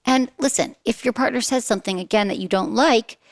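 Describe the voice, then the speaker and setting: A woman's voice: on the high side, brisk, dry recording. A woman hosting a podcast, giving chatty sex advice with frequent rhetorical questions. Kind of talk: casual advice talk.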